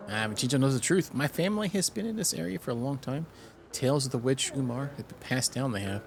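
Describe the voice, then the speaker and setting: A man's voice: medium pitch, expressive, fast, vocal fry, slight background noise. A man voicing a pompous, boastful male innkeeper who tells tales in theatrical, old-fashioned speech while reading game dialogue aloud. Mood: storytelling.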